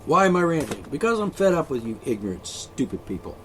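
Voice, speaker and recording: A man's voice: on the high side, big pitch swings, a little fast, fairly bright tone, a little hiss or hum. A man ranting alone, profane and sarcastic, mocking the people he is angry at. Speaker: ranting vlogger. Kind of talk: angry solo rant.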